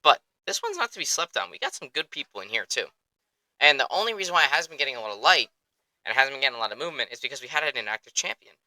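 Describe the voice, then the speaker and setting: A young man hosting a sports podcast in an excitable, rambling, profane way, close to the mic. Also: mid-range voice, rapid-fire, no room sound, low-quality recording. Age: young adult. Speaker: podcast host. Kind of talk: casual chat.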